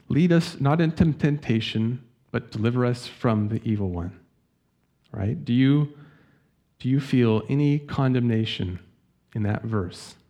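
Male pastor, low-ish voice, earnest gentle sermon delivery. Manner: earnest, gentle preaching with slow scripture reading.

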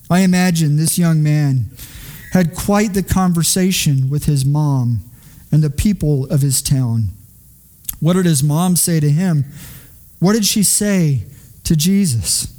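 A male preacher with a high, mellow voice delivers a sermon in an earnest tone. He asks his listeners pointed questions and slows down on key phrases. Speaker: pastor.

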